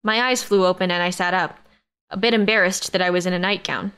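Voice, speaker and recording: A woman narrating a first-person audiobook in a steady storytelling manner. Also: lowish voice, brisk, clear, resonant tone.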